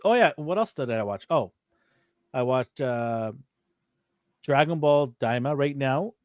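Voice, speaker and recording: Animated man telling stories, dry sound. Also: mid-range voice, measured pace, no room sound. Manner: animated storyteller, acts out quotes, laughs often. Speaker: co-host of a toy and anime show. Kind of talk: casual chat.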